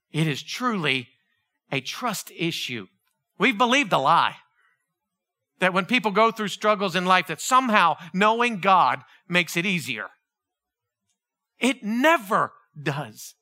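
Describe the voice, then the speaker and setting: A man preaching a sermon, passionate, swinging between loud exclamations and quiet, earnest reflection. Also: high voice.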